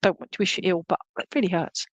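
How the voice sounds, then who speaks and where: A woman gives a live clairvoyant reading for an online church service, talking in a chatty, lively way. She keeps checking in with her listener and passes on a spirit's jokes. Her voice sounds dry and close, with no room around it. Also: lowish voice, quick pace, dry recording, poor audio. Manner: chatty, keeps checking in with "okay?" and "all right?"; relays a spirit's words in a lively, joking way. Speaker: spiritualist medium.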